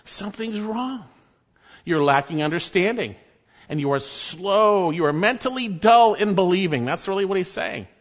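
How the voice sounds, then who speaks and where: A man preaching a sermon, emphatic, rising to loud exhortations and dropping to low, quiet stresses. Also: lively intonation, normal speed, muffled recording.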